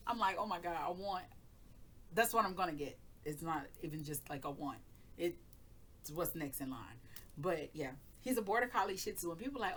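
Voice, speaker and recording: Bright-voiced chatty woman, laughs a lot. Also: on the low side, lively intonation, moderate pace. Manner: chatty, laughs often, curses freely. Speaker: tarot reading channel host. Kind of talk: casual storytelling chat.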